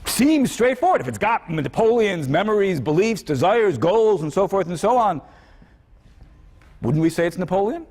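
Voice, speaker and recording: A man's voice: high voice, big pitch swings, moderate pace, darkish tone. A man giving a university philosophy lecture, thinking aloud and putting questions to his students. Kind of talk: classroom lecture. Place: lecture hall. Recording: reverberant lecture hall.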